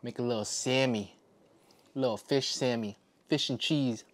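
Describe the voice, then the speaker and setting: A man vlogging casually as he eats a meal, excited and often talking with his mouth full. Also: medium pitch, a little slow. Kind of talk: casual eating vlog.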